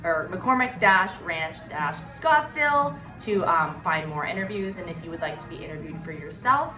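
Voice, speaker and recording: A woman's voice: fairly low pitch, expressive, normal speed, sharp tone. A woman realtor hosting a casual interview, friendly and affirming, with lots of fillers. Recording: distant, echoey, with background music.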